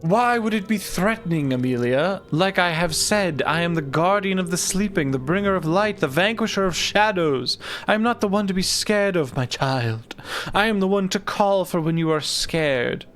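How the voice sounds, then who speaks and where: A man voicing a solemn female sphinx guardian, reading game lines in a slow, stately way. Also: high voice, animated, fairly bright tone, slight background noise, voice pushed up. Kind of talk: reading game dialogue aloud.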